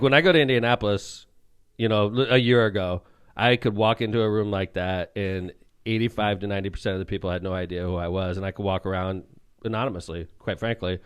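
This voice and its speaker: A man's voice: fairly low pitch, smooth. A middle-aged man and mayor hosting a podcast, chatting casually and acting out his own quotes as he tells stories. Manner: animated storyteller, acts out his own quotes. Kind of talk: casual chat.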